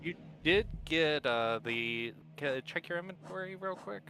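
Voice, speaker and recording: Man off to the side of a stream, fairly high voice, halting and unsure. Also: expressive, vocal fry, poor audio. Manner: hesitant, halting with fillers. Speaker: co-player giving advice. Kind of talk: casual chat.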